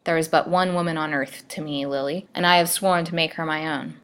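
A woman's voice: sits low, steady tone, a little fast, fairly bright tone, smooth. A taunting villain, as a woman reader puts him on. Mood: menacing. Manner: taunting, coldly threatening. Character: scheming villainous man, menacing and taunting. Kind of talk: storybook reading.

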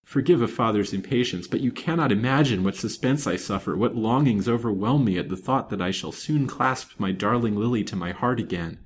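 A man's voice: lowish voice, brisk, few pauses, breathy edge. A man voicing an impatient older banker, a father pleading anxiously as he waits to see his daughter. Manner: pleading, trembling with suspense.

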